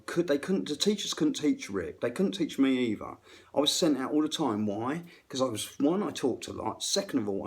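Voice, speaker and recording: A middle-aged man, a musician, ranting unrehearsed between bits of playing, rambling, self-deprecating and swearing freely. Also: medium pitch. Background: faint guitar playing.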